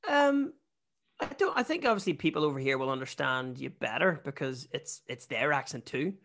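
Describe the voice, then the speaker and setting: A man from Northern Ireland with a Newry accent, his mid-range voice gravelly yet fairly bright, speaks expressively at a moderate pace. He's a stand-up comedian guesting on a podcast, chatting casually, poking fun at himself and often restarting his sentences.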